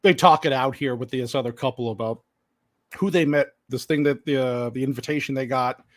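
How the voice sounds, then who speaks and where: A man's voice: mid-range voice, brisk, no echo, studio quality. A man hosting a casual movie discussion, laughing often and acting out characters' lines. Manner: animated, laughs a lot, acts out characters' lines. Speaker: podcast host.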